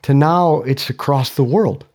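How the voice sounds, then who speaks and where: A man telling stories in a relaxed interview, animatedly voicing the people he quotes. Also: on the high side, unhurried. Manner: lively storyteller, voices others' quotes. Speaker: podcast creator and guest. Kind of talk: casual interview talk, storytelling.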